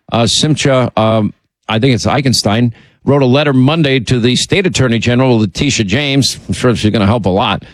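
A man's voice: medium pitch, no room sound. A man hosting a political talk show, delivering a combative, sarcastic monologue with frequent restarts and asides. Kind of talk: monologue commentary.

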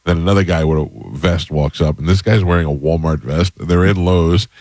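A man with a very low, deep voice hosts a casual morning radio show. He tells stories with animated enthusiasm and laughs easily. The sound is dry and close to the mic. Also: fairly quick, no echo.

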